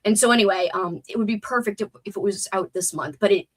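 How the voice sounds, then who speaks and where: A woman's voice: medium pitch, fast talker. A young adult woman with a stuffed-up nose, hosting a chatty, wordy livestream and reading out chat comments. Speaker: livestream host.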